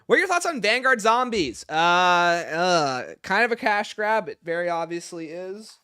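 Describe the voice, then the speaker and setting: A male streamer chatting casually on a livestream, reading his viewers' comments aloud and firing back blunt opinions. His voice sits a little high and sounds bright and forward, with a very animated, bouncing delivery. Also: unhurried, smooth, no room sound, studio quality. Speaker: livestream host.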